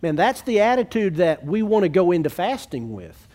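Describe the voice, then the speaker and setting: A man's voice: high-pitched, very animated, moderate pace, a little mellow. A man preaching a sermon to a congregation in a church, earnest and conversational, asking the room rhetorical questions. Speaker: pastor. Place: church sanctuary.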